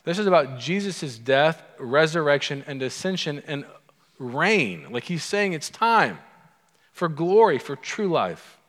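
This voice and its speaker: A man's voice: on the high side, sing-song, a little slow, a bit bright. A man preaching a sermon as pastor, in a conversational, humorous storytelling manner. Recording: long hall reverb.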